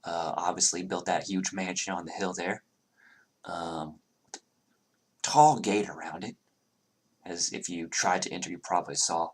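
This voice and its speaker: An unnervingly polite tavern keeper, as a man puts him on, trading town gossip in a very low, deep voice. He talks with a hesitant, chatty manner, full of fillers. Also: steady tone, a little slow, pauses often.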